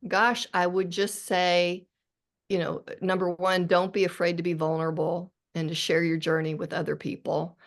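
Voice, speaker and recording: Low gravelly-voiced middle-aged woman. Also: level tone, normal speed. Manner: earnest, reflective, with frequent restarts. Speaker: author guest. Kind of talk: podcast interview.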